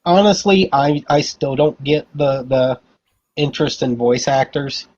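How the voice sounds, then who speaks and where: A man talks bluntly in a casual podcast chat, airing his complaints without softening them. His voice sits in a middle pitch range. The audio is dull and lo-fi, as if the top end has been muffled. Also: measured pace, slight background noise.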